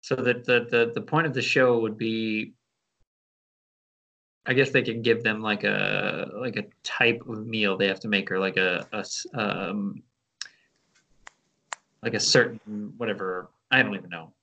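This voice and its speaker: A man co-hosting a podcast, laid-back and quick to laugh in casual chat. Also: on the low side, steady tone, pushed and bright, highs cut off. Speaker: podcast co-host.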